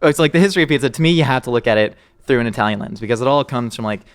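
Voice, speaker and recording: Fast-talking rambling young man. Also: mid-range voice, clear, resonant tone. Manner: rambling, jokey, lots of fillers. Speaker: podcast co-host, chef. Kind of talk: casual chat.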